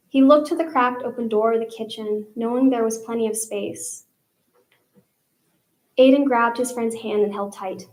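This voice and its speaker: A woman's voice: fairly high pitch, fairly even intonation, normal speed, poor audio. A young woman, a student, reading her own fiction aloud live and polling listeners by show of hands. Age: young adult. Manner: storytelling narration, polling the audience by raised hands. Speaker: student reader.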